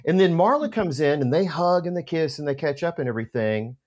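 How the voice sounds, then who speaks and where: A middle-aged man telling a story in relaxed chat, lively and expressive. He stumbles through restarts and then hits key words hard. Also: a little high, brisk. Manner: animated storyteller, many restarts. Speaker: podcast co-host telling a story. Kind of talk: casual anecdote chat.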